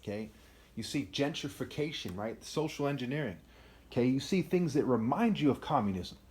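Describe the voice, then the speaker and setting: Male vlogger, mid pitch, rambling and emphatic, unscripted monologue. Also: animated, fairly quick, a little mellow. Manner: rambling, emphatic, frequent "right?" asides.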